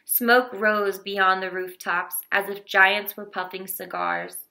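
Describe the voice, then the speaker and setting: A woman narrating a children's novel in a steady, expressive reading voice. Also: medium pitch, slow. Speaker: audiobook reader.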